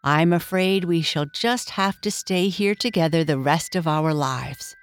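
A woman's voice: low voice, unhurried, clean tone. A woman voicing a sweet, chatty little female sawdust doll in a storybook reading, cheerful and eager.

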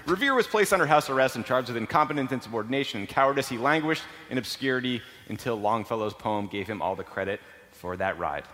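A man's voice: mid-range voice, fairly bright tone, long reverb tail. A man reading out facts as a comedy quiz panelist, dry and matter-of-fact. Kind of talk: comic storytelling.

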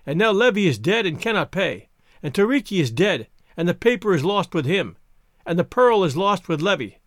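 A man's voice: high voice, very animated, moderate pace, dry recording, clean studio sound. A man voicing a fearful husband who speaks in faltering tones in a storybook reading. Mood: weary. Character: timid, scheming island husband.

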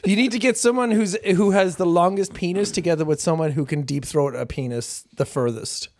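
A man's voice: high-pitched, brisk, dry recording. A young man co-hosting a podcast, talking casually and animatedly, prone to slipping into impressions. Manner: chatty, animated storyteller who breaks into impressions. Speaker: podcast co-host. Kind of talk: casual chat.

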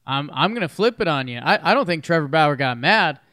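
A man co-hosting a podcast, chatting casually about baseball, playful and quick to laugh, correcting himself as he goes. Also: a little high, expressive, sharp tone, no echo, studio quality. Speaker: podcast co-host. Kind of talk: casual sports chat.

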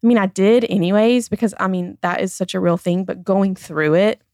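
A woman's voice: mid-range voice, fairly even intonation, moderate pace, warm tone, no room sound, clean studio sound. A woman in her thirties who talks earnestly in a candid personal conversation as a podcast guest, often saying "like" and "I feel like.".

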